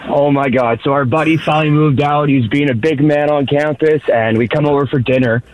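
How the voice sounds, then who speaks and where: A man's voice: on the high side, steady tone, fairly quick, no echo, poor audio. A man calling in to a radio show, telling a story and acting out the quotes. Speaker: caller. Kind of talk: phoned-in storytelling.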